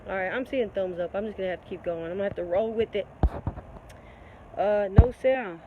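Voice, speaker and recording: An excitable woman answers viewers' questions in a loose, chatty live stream, her voice a little congested. She gets preachy and keeps calling people baby. Steady traffic noise from outside carries under her voice. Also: mid-range voice, brisk, phone-quality sound. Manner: animated and preachy, calls listeners baby. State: slightly congested.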